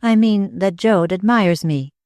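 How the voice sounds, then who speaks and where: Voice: medium pitch, a little slow, smooth, no echo, clean studio sound, pitched above the performer's own voice, natural voice. A narrator voicing a proud, bitter young woman. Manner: steady and bitter. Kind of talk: audiobook character reading.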